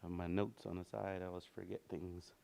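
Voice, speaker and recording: A man teaching a language lesson in a relaxed, easygoing way, slowly repeating words for practice and often restarting his sentences. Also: low voice, creaky. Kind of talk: informal spoken language lesson.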